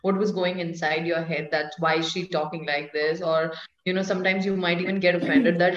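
An interviewer asking gentle, probing questions. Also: medium pitch, level tone, brisk. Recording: dull, roomy, off-mic.

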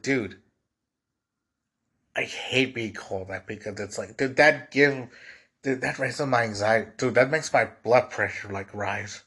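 A man's voice: mid-range voice, moderate pace, pushed and bright. A young man hosting a podcast, talking through his frustrations in a rambling, casual monologue full of "dude" and "like.". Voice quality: husky. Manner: rambling, repeats "dude" and "like" often. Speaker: podcast host.

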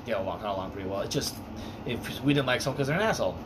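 A man from Alaska chats loosely on a podcast, trailing off into fillers and dropping curses as he goes. There's a clear hiss of noise under the recording. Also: medium pitch, lively intonation, very fast. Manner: rambling, profane, many fillers and restarts. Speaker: podcast co-host. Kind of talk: casual podcast chat.

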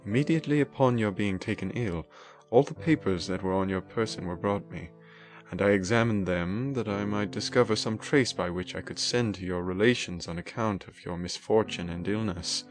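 A man reading the lines of a stern older male magistrate in a classic audiobook, with measured, formal speech. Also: on the low side, soft background music, lightly acted. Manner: measured, formal, turning severe.

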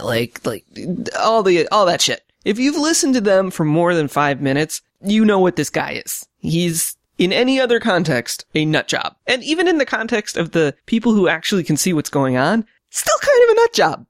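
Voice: medium pitch, no room sound, studio quality. A podcast co-host chatting casually about a film, full of sarcastic, joking tangents. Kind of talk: casual film recap chat.

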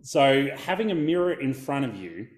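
A man talking as a guest in a casual podcast interview, animated and storytelling. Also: mid-range voice, moderate pace, roomy sound. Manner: animated, storytelling, acts out quotes. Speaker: guest, video coach.

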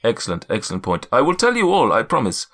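A man voicing a polite male cloud giant in a tabletop game, speaking in a halting mock accent that drifts toward South African and ending lines with "yes?". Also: mid-range voice, wildly swooping pitch, a bit bright, heavily acted. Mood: courteous. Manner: halting, tags sentences with "yes?".

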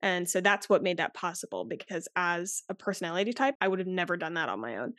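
A woman's voice: fairly low pitch, expressive, quick pace, a bit bright, dry recording, studio quality. A woman in her twenties, a podcast guest chatting candidly and rambling a bit, full of likes and restarts. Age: 20s. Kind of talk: casual interview chat.

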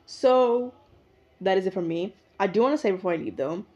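A woman's voice: mid-range voice, animated, fairly quick, darkish tone, dull audio. Rambling young woman. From South Africa. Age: young adult. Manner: rambling, reflective, often corrects herself. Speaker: podcast host. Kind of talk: casual solo podcast monologue. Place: indoors at her usual recording spot.

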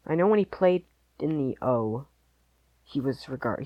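A man's voice: medium pitch, sing-song, a little fast, long pauses, darkish tone, husky, dry recording. Guy rambling through sports picks on a podcast, lots of likes and ums, dead dry sound. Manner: rambling, hedging, many "like"s. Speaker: podcast co-host. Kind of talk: casual sports chat.

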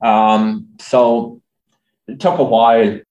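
A man's voice: mid-range voice, flat delivery, slow, darkish tone, lo-fi sound. A man with an Irish accent, a journalist answering audience questions in a chatty, anecdotal way with many fillers. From Ireland. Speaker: journalist and speaker. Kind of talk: audience Q&A at a talk. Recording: roomy echo.

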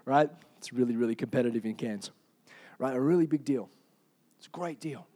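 A man preaching a sermon in an energetic, humorous way, often asking the congregation "Amen?". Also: mid-range voice, fairly quick.

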